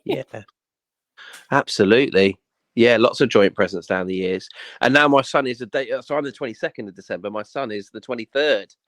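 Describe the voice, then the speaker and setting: A man's voice: mid-range voice, a little fast, fairly bright tone, dry recording, clean studio sound. A man co-hosting a podcast, joking and repeating himself emphatically in casual chat. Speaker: podcast co-host.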